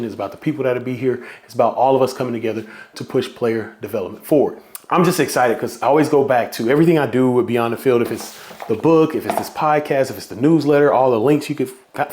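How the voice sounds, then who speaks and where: Male podcast host, excitable and repetitive, mid-range voice. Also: mid-range voice. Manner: excited, repetitive, hype-driven. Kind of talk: solo podcast talk.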